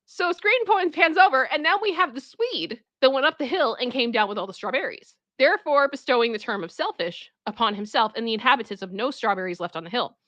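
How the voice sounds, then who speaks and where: Bright lively woman streaming, chatty, slightly high voice, dry dull mic sound. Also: fairly quick, hardly any pauses, dry recording. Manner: animated, retells a sketch with character voices. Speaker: livestream host. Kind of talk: casual livestream chat.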